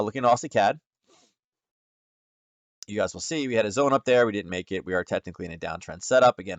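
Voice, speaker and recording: A man's voice: lowish voice, dry recording. A man hosting a casual trading lesson, talking through charts in a rambling, conversational way with many fillers and self-corrections. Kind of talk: casual screen-share lesson.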